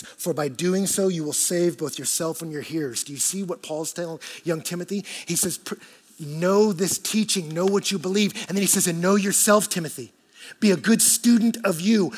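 A man preaching a sermon, swinging from loud animated bursts to hushed low emphasis and acting out quoted voices for humor.

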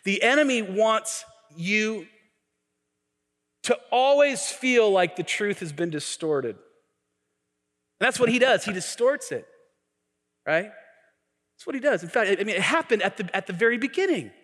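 A man's voice: high-pitched, lively intonation, unhurried, long pauses, fairly bright tone, in a large hall. A man preaching a sermon as a pastor, mixing humor and acted-out quotes. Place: church sanctuary.

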